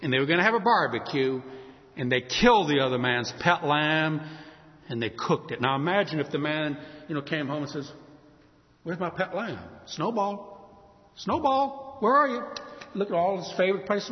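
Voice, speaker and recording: A male preacher delivers a sermon with a lively, swooping voice that sits a little high for a man, acting out the characters of his story. His voice rings out with a long reverb through a large hall. The recording sounds somewhat dull and muffled. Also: fairly quick.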